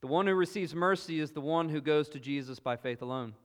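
A man with a Southern US accent preaching a sermon, earnest and emphatic, moving between loud exclamations and hushed asides. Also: fairly high pitch, a little fast. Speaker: pastor. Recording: long hall reverb.

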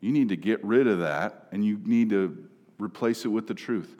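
A man in his thirties preaching a sermon as a pastor, emphatic, dropping low and then rising loud. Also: normal speed, dull audio. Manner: emphatic preaching, swings between hushed and raised. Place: church sanctuary. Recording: church hall reverb.

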